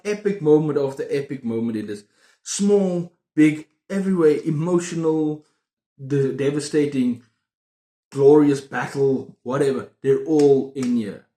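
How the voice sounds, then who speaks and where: A man chatting casually about books on his video channel, excitable and prone to repeating himself. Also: a little high. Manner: excitable, repeats words and phrases. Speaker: book vlogger. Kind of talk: casual book review chat. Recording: roomy echo.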